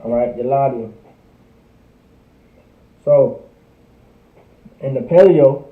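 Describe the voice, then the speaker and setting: A man's voice: mid-range voice, slow pace, long pauses. A young man teaching a livestreamed language class, repeating words over and over in a casual, conversational way. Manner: repetitive drilling, casual conversational asides. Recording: tinny phone-like audio in an echoey room.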